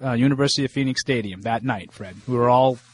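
A man's voice: medium pitch, fast talker. A middle-aged man co-hosting a sports radio show in casual talk, emphatic and opinionated, often restarting his words.

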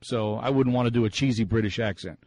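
A man's voice: mid-range voice, fast, darkish tone, no room sound, low-quality recording. A man hosting a sports talk radio show, musing in a chatty way with many fillers and restarts.

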